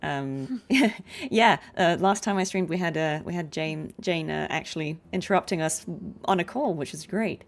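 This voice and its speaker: A woman's voice: deep voice, normal speed, vocal fry, hardly any pauses. A British woman, a voice actor chatting casually on a game livestream, laughing often and with many fillers. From Britain. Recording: game music behind.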